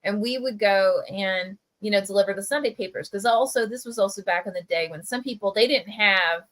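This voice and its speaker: Bright-voiced chatty woman telling a story. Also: mid-range voice, a little fast, low-quality recording. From Camden, New Jersey. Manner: chatty, lots of "like" and "right?". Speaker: press editor. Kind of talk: casual livestream storytelling. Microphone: video call.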